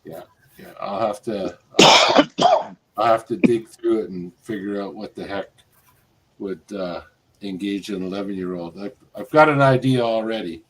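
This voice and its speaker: An easygoing man with a lowish voice, chatting as a guest on a live panel. He often restarts his phrases, and a faint hiss sits behind him. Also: moderate pace, rough recording. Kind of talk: casual chat.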